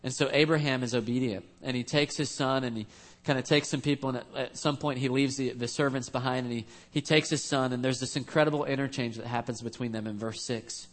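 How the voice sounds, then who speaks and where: A man's voice: medium pitch, steady tone, a little fast, few pauses. Earnest conversational male pastor preaching. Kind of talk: sermon.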